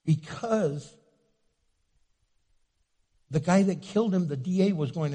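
Male pastor, lively sermon, husky voice, long hall reverb. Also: high voice, slow. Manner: animated, jokey, acts out quotes.

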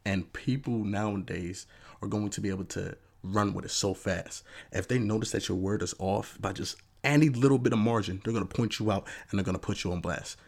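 A man hosting a podcast, talking through his take in a casual, animated monologue with lots of "you know" asides. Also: fairly quick, creaky. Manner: animated, acts out fans' voices in a raised pitch. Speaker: podcast host.

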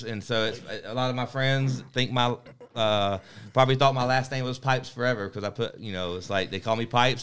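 A man's voice: on the low side, fairly bright tone, smooth. A man in his forties, a guest on a talk show, chatting in a laid-back way and trailing off with fillers. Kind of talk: casual chat.

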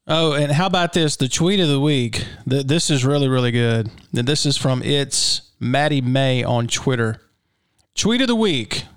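A man's voice: medium pitch, expressive, normal speed, clear, resonant tone, no echo, clean studio sound. A man hosting a podcast in a casual, comic way, reading odd news and stories and laughing through rhetorical asides. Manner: chuckling, jokey, rhetorical asides. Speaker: podcast host.

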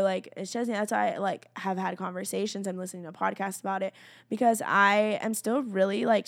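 Chatty young woman with vocal fry. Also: medium pitch, no room sound, clean studio sound. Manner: chatty, full of "like", acts out her own prayers. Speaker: faith vlogger. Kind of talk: casual personal talk.

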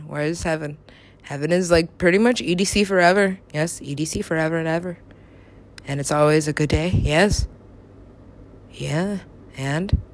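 A young woman rambling through a wild story, giggling often, swearing freely and trailing off mid-thought. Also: on the low side. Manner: giggly, excitable, profane, trails off.

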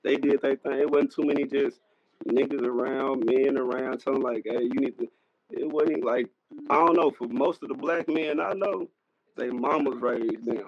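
Gravelly blunt man in his thirties. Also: mid-range voice, normal speed, dry recording. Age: 30s. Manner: blunt, slangy, emphatic, repeats himself. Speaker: podcast co-host. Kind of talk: casual debate. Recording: lo-fi dry recording.

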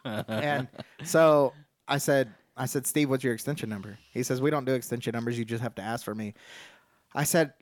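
Chatting casually with friends, a Texan podcast co-host with a medium-pitched voice and moderate pace tells an animated story. He plays both sides of a phone call and swears a lot.

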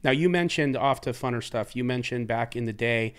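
A man's voice: mid-range voice, fairly quick, clean tone. Blunt, pushy male interviewer who swears freely. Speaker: podcast host. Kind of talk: casual interview.

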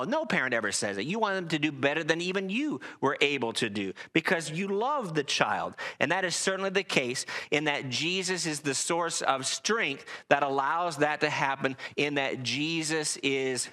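A man's voice: a little high, pushed and bright. A man preaching a sermon to a congregation, reading scripture aloud and making emphatic points.

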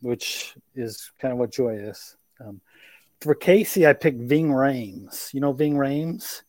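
A man's voice: mid-range voice, slow, darkish tone, no echo. A man co-hosting a podcast in casual chat, talking hesitantly and repeating words. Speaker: podcast co-host.

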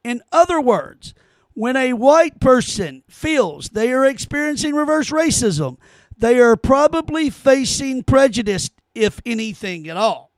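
A man's voice: very high-pitched, sing-song, unhurried, no room sound. Heated, stammering man ranting in a dry room. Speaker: podcast host. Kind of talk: solo commentary podcast.

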